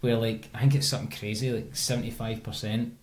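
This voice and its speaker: A Scottish man in casual podcast chat, telling stories with lively energy and a quick laugh. His voice sits at a middle pitch and rings a little off the walls of the room. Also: echoey room, slight background noise. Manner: chatty, animated storytelling with laughs. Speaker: podcast host.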